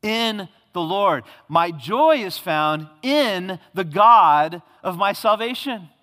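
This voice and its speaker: A male pastor delivers an emphatic sermon, pressing his point with repeated phrases and questions to the congregation. His voice sits a bit higher than most men's. A long reverb trails each phrase, as from a church sanctuary. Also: expressive, slow pace, sharp tone. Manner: emphatic, with rhetorical questions and repetition.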